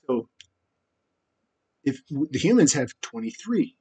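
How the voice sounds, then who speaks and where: A man talking straight to camera in a rambling, profane monologue that keeps jumping to louder, higher bursts. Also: big pitch swings, measured pace, slightly rough. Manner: rambling, profane, with sudden loud rises. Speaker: vlogger.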